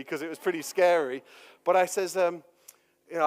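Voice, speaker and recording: A fairly high-voiced man preaches in a loose, chatty way and pokes fun at himself as he tells his stories. The sound hangs in a reverberant church hall, and a long tail of echo follows every phrase. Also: moderate pace, clear, resonant tone. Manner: chatty, self-deprecating storytelling. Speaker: pastor. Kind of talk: storytelling sermon.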